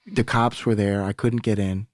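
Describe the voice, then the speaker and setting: Young adult man, podcast guest, low voice, dry close sound, candid casual storytelling, swears. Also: steady tone, normal speed, no echo. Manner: candid, swears freely, acts out quoted voices.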